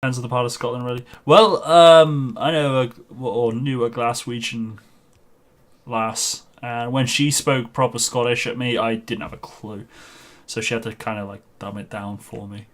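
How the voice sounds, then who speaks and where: A man's voice: mid-range voice, fairly even intonation, normal speed. Chatty rambling male streamer. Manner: rambling, chatty, laughs often at his own stories. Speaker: game streamer. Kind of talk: casual chat while gaming.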